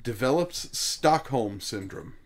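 A man hosting a casual movie quiz among friends, reading clues slowly and deliberately. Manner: reads clues slowly, lively pitch. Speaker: quiz host. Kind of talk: casual game chat.

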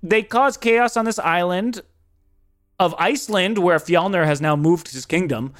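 A man's voice: high-pitched, unhurried. A young adult man co-hosting a podcast, chatting casually and jokingly about a film. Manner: animated, jokey, recapping plot. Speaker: podcast co-host.

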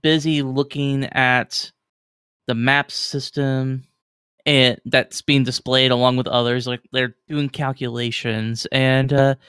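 A man's voice: medium pitch, level tone, slow, sharp tone, smooth, dry recording, studio quality. A man narrating as game master in a casual, filler-heavy way.

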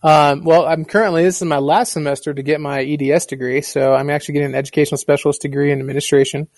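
A man with a somewhat raised pitch speaks sincerely about teaching, measured and thoughtful. His voice is captured dry and up close. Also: little pitch movement, a little mellow, dry recording. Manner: earnest, reflective. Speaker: teacher and guest. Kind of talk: casual conversation.

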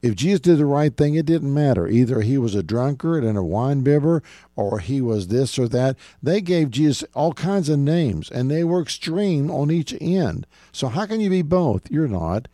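A male pastor gives a Bible teaching on the radio in a warm, mellow voice at an ordinary middle pitch. He preaches earnestly, leaning on repeated phrases and swinging his pitch up and down for emphasis. The sound is close and dry. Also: expressive, moderate pace, dry recording.

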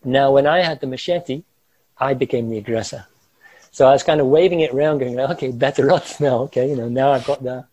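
A man vividly recounting a personal ordeal in an interview, animated and chuckling through the tense parts. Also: medium pitch, no echo, low-quality recording. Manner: animated, gestures while talking, chuckles through tense moments. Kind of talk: vivid first-person storytelling.

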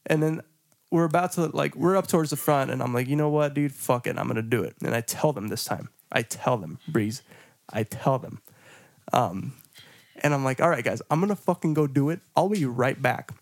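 Recorded dry with studio quality, a man co-hosting a podcast speaks in a mid-range voice at normal speed. He swears through a casual, embarrassing story about himself, laughing as he acts out his own lines.

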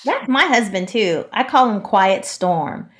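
A woman co-hosting a radio chat, talking about her quiet husband in an emphatic, down-to-earth way. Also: medium pitch, animated, a little slow. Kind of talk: casual chat.

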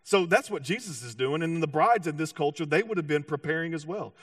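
A man preaching a sermon with animated storytelling, acting out voices and often restarting his sentences. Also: a little high, brisk, dry recording, studio quality, far from the mic. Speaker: pastor.

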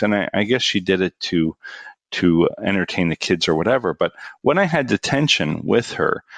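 Low-voiced middle-aged man telling a story. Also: dry recording. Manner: animated, voice rising for punchlines. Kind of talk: casual personal storytelling.

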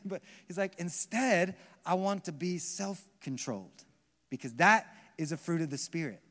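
American male pastor, fairly high voice, live sermon, dynamic soft-to-loud delivery, long church-hall reverb. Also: expressive, normal speed. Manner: preaching with emphatic swings between soft and loud.

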